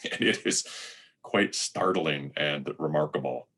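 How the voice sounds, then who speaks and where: A man delivering a sermon in a measured, reflective way, slowly reading poetry aloud. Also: extremely low pitch, bright, forceful tone, a little hiss or hum. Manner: measured, reflective, reads verse slowly and deliberately. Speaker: lay preacher giving a sermon.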